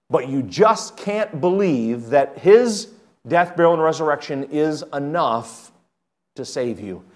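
Earnest middle-aged male pastor preaching. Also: a little high. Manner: earnest, rises to emphatic pleading then drops soft. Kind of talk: sermon.

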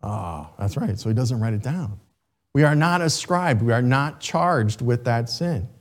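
A man preaching a sermon as pastor, animated and checking in with the congregation with "right?". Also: medium pitch, unhurried.

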